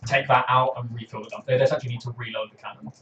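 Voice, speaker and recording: A man's voice: mid-range voice, flat delivery, rapid-fire, pushed and bright. A man running a tabletop game as dungeon master, thinking aloud with lots of ums. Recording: roomy distant dull room recording.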